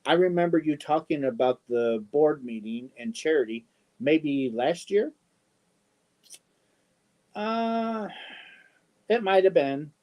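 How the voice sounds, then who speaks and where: A middle-aged man hosting a casual live stream, reading out viewer comments slowly and haltingly, with many ums and affectionate asides. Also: a little high, lively intonation, dark tone.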